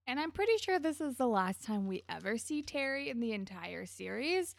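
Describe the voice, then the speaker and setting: Chatty woman podcast co-host, slightly high. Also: big pitch swings, moderate pace, gravelly, dry recording. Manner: chatty, giggly, acts out characters' lines. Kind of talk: casual recap chat.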